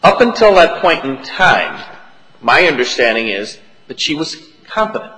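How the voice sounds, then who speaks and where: In a large courtroom, an appellate judge methodically probes counsel with questions during oral argument. His mid-range voice is sharp and very animated at a moderate pace, and the room is reverberant.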